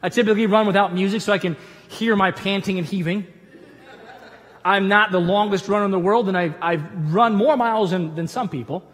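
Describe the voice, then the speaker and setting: Speaking briskly in a high-pitched voice, a male pastor delivers a conversational sermon with animated stories and funny asides. The church auditorium gives it a big-room sound.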